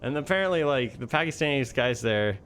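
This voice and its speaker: A man's voice: medium pitch, animated, brisk, fairly bright tone, slight background noise. A young man telling a story in a casual, rambling way with many fillers. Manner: rambling, heavy use of fillers. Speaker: vlogger.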